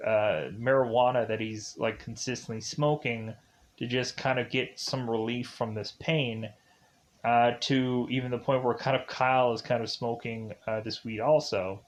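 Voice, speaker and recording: A man of ordinary pitch walks through a movie's plot in a loose, unscripted way. He leans hard on fillers like "like" and "kinda" and tells each scene in a meandering present tense. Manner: rambling, filler-heavy, with many likes and kinda's. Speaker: film reviewer. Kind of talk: casual spoken movie recap.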